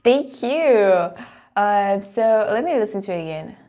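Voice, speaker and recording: A woman's voice: medium pitch, lively intonation, measured pace, mellow. A woman with a French accent, a native French speaker hosting a casual reaction video, chatting, laughing often and restarting her sentences. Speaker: host.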